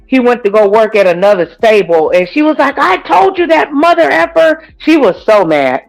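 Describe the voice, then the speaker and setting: A woman's voice: on the high side, low-quality recording. A woman chatting casually as a co-host in a laid-back, drawling way. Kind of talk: casual gossip chat.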